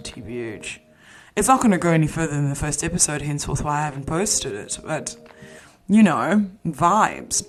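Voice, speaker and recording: A young woman with a low, husky-bottomed voice chats alone on her podcast. She rambles in a relaxed, offhand way, doubling back and correcting herself mid-sentence. Soft music plays faintly behind her. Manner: rambling and chatty, self-interrupting. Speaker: podcast host. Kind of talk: casual solo podcast chat.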